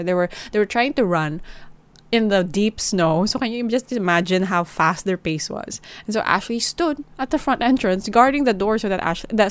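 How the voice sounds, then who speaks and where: A woman, hosting a true-crime podcast, narrating a story in a casual, dramatic way with Tagalog phrases mixed in. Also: mid-range voice. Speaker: podcast host.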